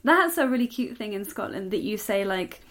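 Southern english woman, medium pitch, chatty and teasing, casual podcast talk. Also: animated, moderate pace, a crowd in the background. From England. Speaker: podcast co-host. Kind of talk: casual chat.

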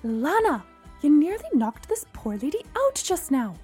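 A woman's voice: high voice, very animated, faint music behind, pitched above the performer's own voice. A woman voicing a tall, kind young woman who fusses with concern. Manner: concerned, warm-hearted, quick.

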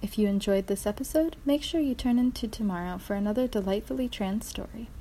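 A woman's voice: mid-range voice, fast, warm tone, a little hiss or hum, rough recording. A woman podcast host reading a casual outro at home, chatty and easily sidetracked. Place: home with a cat. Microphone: phone.

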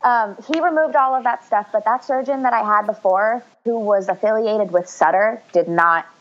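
A woman's voice: a little high, normal speed, muffled recording, slight background noise. A young woman in casual chat, speaking candidly, swearing freely and acting out what others said.

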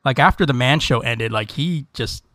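A man's voice: medium pitch, normal speed, a bit bright, no room sound. Rambling casual man, dry close mic. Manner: loose, rambling, swears freely, lots of fillers. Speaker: podcast co-host. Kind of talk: casual chat.

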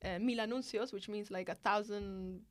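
A woman's voice: medium pitch, moderate pace. A woman born in Italy, an off-road racing driver, telling stories in a casual interview, acting out quotes and laughing often. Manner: animated, acts out quoted voices, laughs often.

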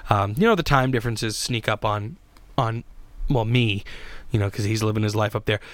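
A man's voice: lowish voice, normal speed, no room sound. A man hosting a casual solo podcast, rambling and joking with lots of restarts. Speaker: podcast host.

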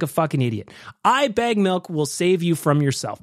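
A man's voice: fairly high pitch, very animated, normal speed, no room sound, clean studio sound. A man hosting a podcast, ranting with profanity and reading sponsor plugs. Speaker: podcast host.

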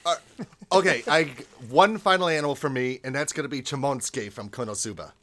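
A man co-hosting a casual podcast, animated and joking as he shares trivia. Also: medium pitch, a little fast. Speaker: podcast co-host. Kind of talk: casual chat about anime.

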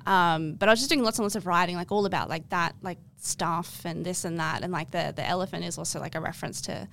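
A woman's voice: lowish voice, steady tone, quick pace, vocal fry, fairly bright tone, slight background noise. Chatty woman comedian. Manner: chatty, lots of "like" fillers, puts on voices for quotes. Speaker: comedian guest. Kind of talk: casual chat, storytelling.

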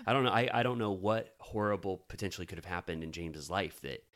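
A young man co-hosting a podcast, chatting casually and telling animated stories with quoted voices. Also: low voice, fast talker. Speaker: podcast co-host. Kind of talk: casual chat.

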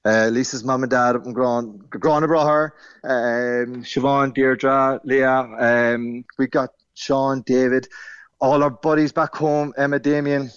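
A man's voice: medium pitch, flat delivery, takes it slowly, smooth, no echo, lo-fi sound. Easygoing Cork man calling in. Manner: chatty, laughing, easygoing. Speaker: caller. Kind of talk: casual radio chat.

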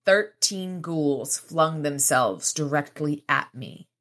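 A woman's voice: low-pitched, slow, a bit bright. A woman podcast host reading passages from a novel aloud and retelling scenes in casual, sweary commentary, lightly voicing the characters. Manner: swears freely, switches between reading and retelling; gives characters mild voices.

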